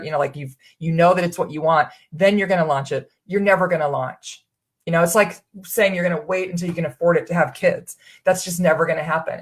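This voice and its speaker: Woman, online business coach, casual live-stream delivery, earnest and encouraging. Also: lowish voice. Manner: chatty, earnest, encouraging, many restarts. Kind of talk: live webinar Q&A.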